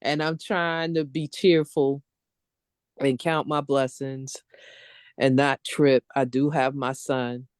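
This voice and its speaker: A woman's voice: a bass voice, little pitch movement, takes it slowly, clear, resonant tone, no echo. A middle-aged woman on a video call, venting at length in a frustrated, casual ranting way. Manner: frustrated ranting, talks in long run-on stretches. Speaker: open mic participant.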